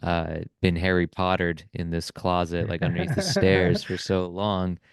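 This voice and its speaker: A man's voice: low voice, normal speed, clean tone, no echo, clean studio sound. A man hosting a podcast, talking earnestly and reflectively, often checking in with "right?". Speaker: podcast host. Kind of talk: reflective casual conversation.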